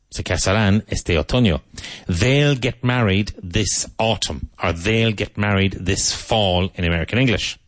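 A man teaching English vocabulary, saying each word slowly, repeating it and spelling it out, with tips on pronunciation. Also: on the low side, no echo. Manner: slow, deliberate, repeats and spells out words.

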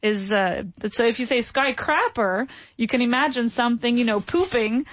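Upbeat woman English teacher, encouraging, bit high; muffled, dry recording. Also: normal speed, no echo. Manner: upbeat, encouraging, corrects pronunciation. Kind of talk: classroom language lesson. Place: studio.

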